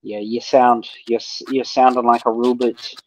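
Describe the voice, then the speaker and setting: A man's voice: mid-range voice, level tone, moderate pace, dry recording, poor audio. A man co-hosting a casual wrestling podcast, with crude, mocking banter. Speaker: podcast co-host. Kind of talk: casual chat.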